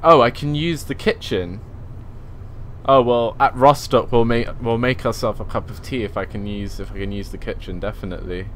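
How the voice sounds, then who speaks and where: A man's voice: medium pitch, normal speed, a little hiss or hum. A young man chatting casually as he streams a driving game, easygoing and laughing at himself. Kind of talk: casual live gameplay commentary.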